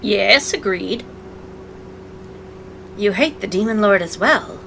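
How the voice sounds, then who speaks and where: Bright-voiced woman reading a game aloud. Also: mid-range voice, expressive, slow, creaky, slight background noise, poor audio. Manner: sarcastic, playful asides. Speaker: let's play narrator.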